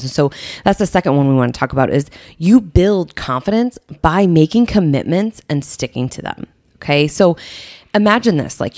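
A woman's voice: sits low, a little mellow, no room sound, studio quality. A woman co-hosting a podcast, giving earnest, encouraging advice in a casual coaching chat. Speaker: podcast co-host.

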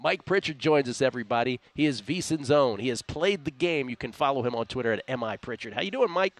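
A man's voice: mid-range voice, expressive, fast. A man hosting a sports betting radio show, chatting casually and laughing often. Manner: chatty, laughs often, reads listener tweets aloud.

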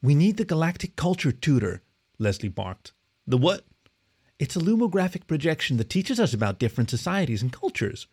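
A dutiful young puppy girl with a high, earnest voice, as a man puts her on. She explains things plainly and seriously, with a lively lilt. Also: a little fast, husky, heavily acted.

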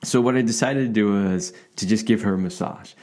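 A man co-hosting a relationship podcast, telling a personal story in a casual, animated way and laughing often. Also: fairly low pitch, brisk. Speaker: podcast co-host.

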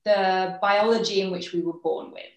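A woman's voice: mid-range voice, fairly even intonation. English woman, podcast co-host, reflective chat, roomy echoey sound. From England. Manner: reflective, explains in quick bursts. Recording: roomy echo.

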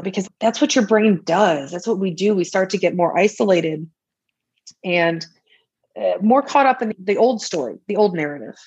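Husky-voiced woman, chatty podcast guest. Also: medium pitch, moderate pace, highs cut off. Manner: chatty, laughs often, frequent restarts. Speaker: guest author and coach. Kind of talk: casual podcast interview.

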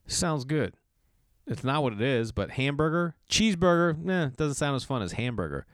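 A man hosting his own podcast in a casual solo monologue, telling animated stories, acting out what others said, and swearing now and then. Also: medium pitch, moderate pace, clean tone, no echo. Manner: animated storytelling, acts out quoted people, swears casually. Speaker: podcast host.

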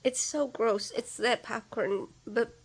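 A woman's voice: fairly high pitch, fairly even intonation, slow, slightly rough. A woman in casual conversation, telling stories in a laid-back way and reacting with easy laughter. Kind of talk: casual chat.

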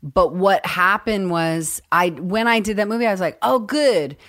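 A woman's voice: on the low side, moderate pace, fairly bright tone. Candid woman actor in her forties, casual chat. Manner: candid, swearing, trailing restarts. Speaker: guest actor.

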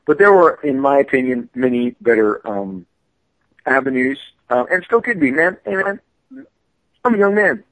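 A man, a comic book artist, chatting casually on a podcast, rambling and animated with plenty of profanity. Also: medium pitch, moderate pace, no room sound, poor audio.

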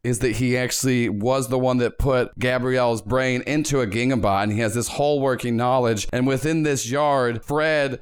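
A man running a tabletop role-playing game, narrating in a loose, casual way and swearing freely. His voice is smooth and clear, at an ordinary pitch. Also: steady tone, moderate pace, hardly any pauses. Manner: casual, loose, profane storytelling. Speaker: game master.

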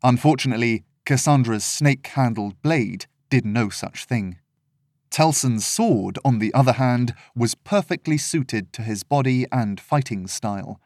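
A man reading his own fantasy story aloud as writer and narrator, in measured, expressive storytelling. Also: medium pitch, no room sound, clean studio sound. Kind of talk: scripted narration.

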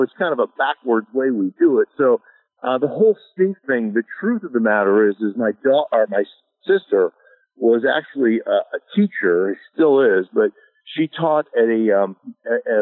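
A middle-aged man from Alaska who once played pro football as a lineman tells stories in a casual interview. His mid-range voice comes over a tinny, dry phone line, and he's easygoing, chuckling, and full of "you know" fillers.

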